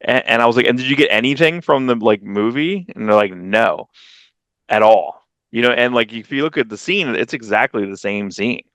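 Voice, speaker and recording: A man co-hosting a comics podcast in casual chat, rambling through stories and acting out quotes with sudden leaps in pitch. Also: normal speed, fairly bright tone, no room sound. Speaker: podcast co-host.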